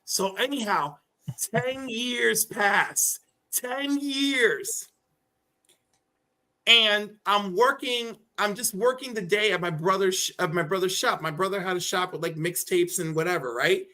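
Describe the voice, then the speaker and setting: Bright, high-voiced man telling stories. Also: measured pace. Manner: animated storyteller who acts out voices in his anecdotes. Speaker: guest on a collectibles stream. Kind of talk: casual chat, storytelling.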